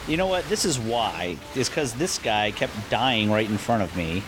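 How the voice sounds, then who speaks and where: A man co-hosting a podcast, chatting casually while playing a game, animated and quick to laugh. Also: fairly low pitch, noisy background. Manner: animated, laughs often, thinks aloud. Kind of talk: casual gameplay chat.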